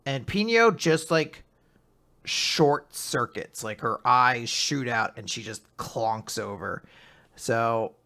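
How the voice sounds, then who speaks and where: A young man co-hosting a casual manga recap, retelling chapters with animated quoted character lines. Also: medium pitch, slow pace. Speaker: podcast co-host.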